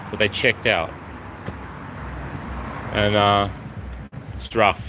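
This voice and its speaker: A man's voice: on the low side, flat delivery, very slow, noisy background. A man talking to camera in a rambling monologue, offhand and jumping from topic to topic. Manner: meandering, offhand, jumps between topics.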